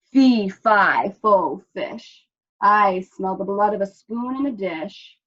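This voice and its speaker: Brief: woman reading as a booming, chanting storybook giant, recording muffled. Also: lively intonation, slow, a bit bright. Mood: menacing. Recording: dull lo-fi recording.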